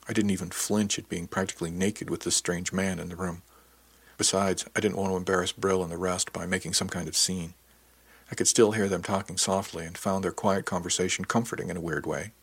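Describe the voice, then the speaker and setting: A man giving a measured, introspective first-person audiobook narration. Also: sits low, steady tone, husky, no echo.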